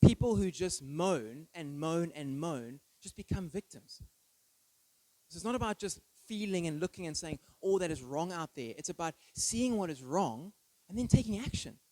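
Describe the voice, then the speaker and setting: A pastor preaching an earnest, emphatic sermon full of rhetorical questions. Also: male voice, a little high, expressive, moderate pace, dark tone, no echo, low-quality recording. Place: church.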